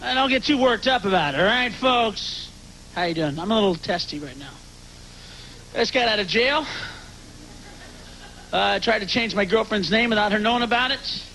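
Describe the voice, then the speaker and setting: A male comedian with a high voice talks in a wry, conversational way, then bursts into full-throated screams. His delivery jumps between a mutter and a roar. The sound is old television audio with a lot of hiss and noise. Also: moderate pace, gravelly, long pauses, sharp tone. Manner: erupts into screaming rants. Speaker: stand-up comedian and talk-show guest. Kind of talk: stand-up comedy and chat. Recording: noisy archival TV broadcast.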